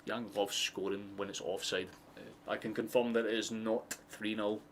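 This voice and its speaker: A Scottish man streams a football watchalong, his fairly low voice running a loose, excitable, swear-heavy commentary. He wanders into chatty asides between plays, with a faint steady hum behind him. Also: normal speed. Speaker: streamer hosting a match watchalong. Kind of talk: live casual football commentary.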